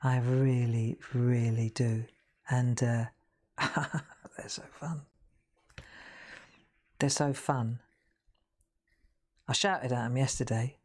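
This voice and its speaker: Low-voiced chatty woman. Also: steady tone, takes it slowly, pauses often, a little mellow. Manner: chatty, laughs often, rambling stories. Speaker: craft demonstrator hosting a live stream. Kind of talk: casual chat while demonstrating crafts.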